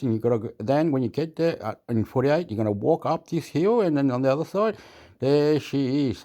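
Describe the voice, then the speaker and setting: A man with a warm, mid-range voice delivers a casual, rambling vlog monologue as a YouTube vlogger in Australia. He's erratic and repetitive, saying things again and jumping between thoughts.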